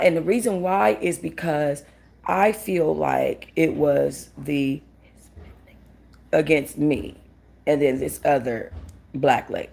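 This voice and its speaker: A woman with a low, gravelly voice tells a story in a casual, animated rant. She acts out what each person said and swears freely. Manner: animated, swearing, quotes people. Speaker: vlogger.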